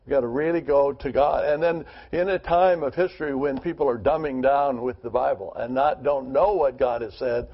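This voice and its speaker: A man's voice: mid-range voice, muffled recording. A man leading a Bible study group, reading scripture aloud and then talking it over earnestly with rhetorical questions.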